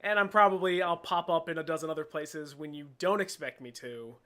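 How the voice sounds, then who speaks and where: High-voiced young man, casual podcast chat. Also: a little fast, a crowd in the background. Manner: casual, swears freely, laughs often. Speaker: podcast co-host.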